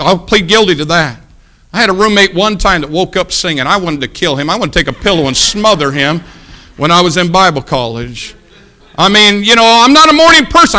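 Bright-voiced storytelling preacher man. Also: on the high side. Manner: animated, breaks into loud shouts. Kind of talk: sermon storytelling.

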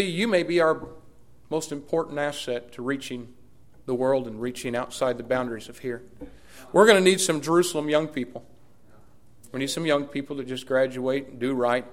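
Animated pastor preaching. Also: male voice, mid-range voice. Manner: animated storytelling with emphatic repetition. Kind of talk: sermon.

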